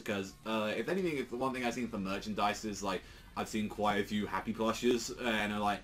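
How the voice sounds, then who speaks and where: A man's voice: fairly low pitch, steady tone, a little fast, fairly bright tone, soft background music. A man reviewing a manga chapter in a loose, rambling way, full of fillers and swearing, briefly acting out characters' lines as he retells the scenes. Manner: rambling, lots of fillers and swearing, acts out quotes in passing.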